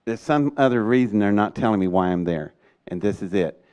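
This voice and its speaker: An older man, telling a story in an animated way and acting out the voices in his quotes. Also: lowish voice, brisk, smooth. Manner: acts out voices in quotes, excitable, laughs often. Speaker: storyteller recounting an experience.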